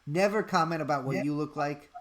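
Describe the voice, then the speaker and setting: A man's voice: a little high, fairly quick, over a noisy crowd. A man co-hosting a live-stream chat, rambling through an absurd bit of mock-serious advice. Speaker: podcast co-host.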